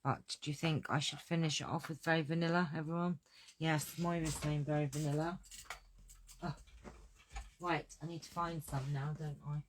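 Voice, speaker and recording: A woman's voice: low voice, fairly even intonation, normal speed, a little hiss or hum. A woman running a live card-making tutorial at her craft desk, gushing and exclamatory as she talks to her viewers.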